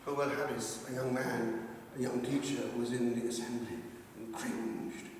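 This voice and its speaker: Fervent Welsh-born priest in an echoing church. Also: male voice, medium pitch, fairly even intonation, normal speed, background noise. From Wales. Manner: fervent, swings from loud exhortation to hushed storytelling. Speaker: Catholic priest. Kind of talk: sermon. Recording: echoey church hall, voice from far off.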